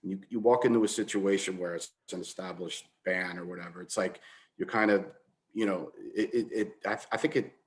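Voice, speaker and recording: A man who plays guitar, chatting casually and halting with many restarts. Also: low voice, slight background noise. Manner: halting, repeats words and restarts a lot. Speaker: guitar player in the conversation. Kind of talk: casual chat.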